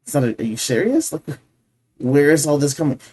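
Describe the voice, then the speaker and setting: A man's voice: a little high, big pitch swings, brisk, a little mellow, a little hiss or hum. A man hosting a reaction video. He talks through his thoughts casually and earnestly, often restarts his sentences and keeps asking "right?". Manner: restarts sentences while thinking aloud.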